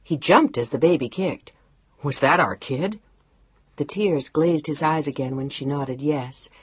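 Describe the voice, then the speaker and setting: Low, husky female audiobook narrator. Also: normal speed, dry recording. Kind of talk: scripted narration.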